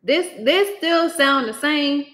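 A woman's voice: sits high, animated, takes it slowly, fairly bright tone. A young woman hosting a casual livestream, chatty and exclaiming, often laughing, talking into a laptop microphone. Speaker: livestream host.

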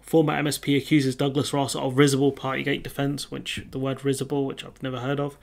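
Young man, gravelly voice, flat delivery, casual political commentary, frequent ums and restarts, blunt mocking asides. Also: mid-range voice, brisk. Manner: reads articles aloud and adds blunt mocking asides, many fillers.

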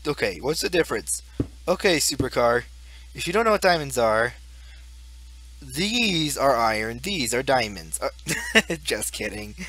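A man's voice: medium pitch, sing-song, a little slow, long pauses, sharp tone, slight background noise. A young man giving rambling, goofy Let's Play commentary as a gaming YouTuber, laughing at his own jokes.

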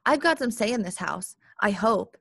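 A woman's voice: medium pitch, expressive, moderate pace, gravelly, a bit bright, slightly rough, no room sound, clean studio sound, full character voice. A woman voicing an anxious, critical stepmother who scolds sharply. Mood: prim.

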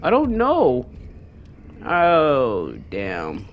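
A gaming streamer doing let's play commentary, cursing and mocking the game's enemies in a taunting sing-song, with excitable outbursts. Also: mid-range voice, very slow, a little hiss or hum. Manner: profane trash-talking of game enemies.

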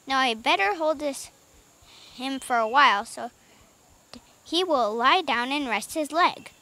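A woman voicing a kind, motherly older sister who speaks gently and reassuringly. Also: high voice, animated, unhurried, full character voice. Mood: gentle.

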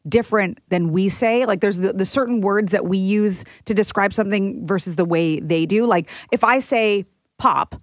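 A woman's voice: medium pitch, no echo, clean studio sound. A woman co-hosting a radio podcast, chatting easily and laughing often. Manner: conversational, quick to laugh. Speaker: radio show co-host. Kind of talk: casual podcast chat.

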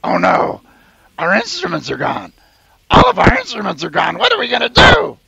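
Shrill panicky furry band creature. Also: male voice, wildly swooping pitch, normal speed, gravelly, sharp tone, exaggerated voice. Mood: panicked. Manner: frantic, pleading, squealing. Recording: dull lo-fi sound.

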